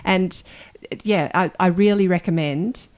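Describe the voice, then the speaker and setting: Woman, low voice, podcast co-host, casual talk, halting phrasing with restarts. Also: darkish tone. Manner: halting, with frequent restarts while gathering thoughts. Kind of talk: casual chat.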